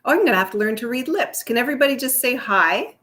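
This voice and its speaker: A woman's voice: on the high side, expressive, fast, a bit bright, a little hiss or hum. Bubbly, laughing woman host. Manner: bubbly, laughs often, effusive. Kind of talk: casual live-stream chat.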